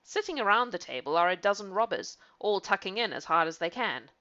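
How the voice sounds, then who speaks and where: A woman voicing an old male donkey calmly reporting what he sees. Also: medium pitch, brisk, lo-fi sound. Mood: matter-of-fact.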